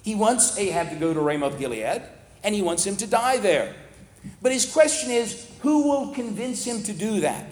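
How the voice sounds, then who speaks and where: A man's voice: high voice, lively intonation, normal speed, a little mellow. A man giving a plain-spoken, conversational Bible lesson, explaining the text as he goes. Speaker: Bible teacher. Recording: echoey hall with long reverb.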